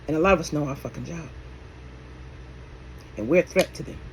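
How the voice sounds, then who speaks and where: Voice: mid-range voice, fairly quick, slight background noise, poor audio. A spiritual minister and healer giving a casual talk to camera, emphatic and blunt, swearing freely and firing off rhetorical questions while calling the listeners baby and my love. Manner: calls the audience endearments like baby and my love.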